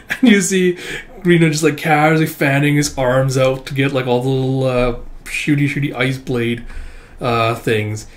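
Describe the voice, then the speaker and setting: A man's voice: medium pitch, moderate pace. Laid-back man with many fillers. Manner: relaxed, many "uh" fillers, chuckles often. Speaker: manga reaction channel host. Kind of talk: casual read-through commentary.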